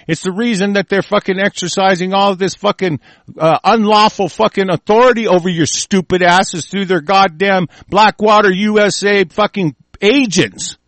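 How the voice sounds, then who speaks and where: A man's voice: high-pitched, moderate pace, no room sound. A man from the United States hosting a show, angrily swearing and ranting about the news and stumbling as he reads headlines aloud. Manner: angry, swearing, shouting insults. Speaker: host. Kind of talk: profane ranting commentary on news.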